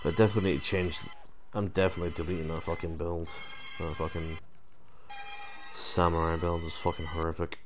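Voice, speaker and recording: Laid-back male game streamer with a deep voice, swearing freely and thinking aloud. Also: little pitch movement, fairly quick, over music. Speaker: gaming streamer. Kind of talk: casual stream chat.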